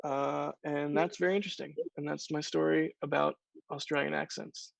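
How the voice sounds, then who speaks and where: Gravelly, slightly higher-pitched male co-host, musing storyteller, dull lo-fi remote feed. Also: level tone, normal speed, no room sound. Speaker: livestream co-host. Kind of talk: casual livestream commentary.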